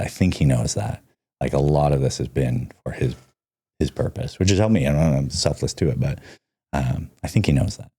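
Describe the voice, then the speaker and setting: A man's voice: very deep voice, mellow, husky. A man talking as a podcast guest, telling stories in a loose, casual way, full of "like" and the odd swear. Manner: loose, frequent "like", swears freely. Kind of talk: casual storytelling.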